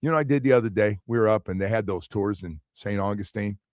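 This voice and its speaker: A man's voice: fairly low pitch, fast talker, dry recording. A man in his sixties hosting a sports radio show in a studio, talking in a rambling, stammering way and acting out bits of his stories. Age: 60s. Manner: rambling, stammers and restarts, acts out voices in stories. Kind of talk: casual radio banter. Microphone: studio microphone.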